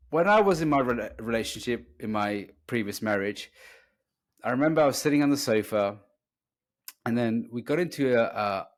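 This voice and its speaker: A man hosting a podcast as a relationship coach, telling stories in an animated way and acting out arguments with a raised voice. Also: lowish voice. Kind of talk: casual podcast chat.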